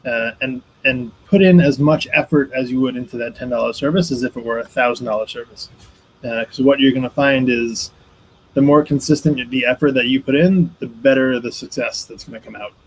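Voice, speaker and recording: Man, mid-pitched voice, rambling co-host, lots of ums, faint background hiss. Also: a little fast, poor audio. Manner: rambling, many ums and restarts. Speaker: co-host, behind-the-scenes guy. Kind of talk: casual live chat.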